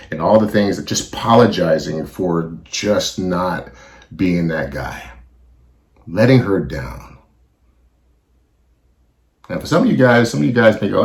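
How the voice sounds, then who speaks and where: A man's voice: deep voice, reverberant. A middle-aged man hosting a podcast, talking bluntly and emotionally with heavy swearing in a confessional monologue. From California. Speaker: podcast host.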